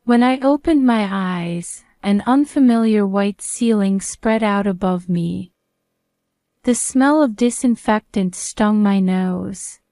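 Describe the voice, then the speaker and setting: Female storyteller, first-person narration; calm, measured, very slow delivery, dry close sound. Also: mid-range voice, smooth, dry recording.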